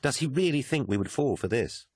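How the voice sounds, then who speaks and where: A man reading an audiobook, voicing a woman remembrancer who is anxious and stubborn, with an urgent, protesting manner and a husky edge. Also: medium pitch, animated, fairly quick, darkish tone, no echo, studio quality, voice pushed up. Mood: alarmed, insistent.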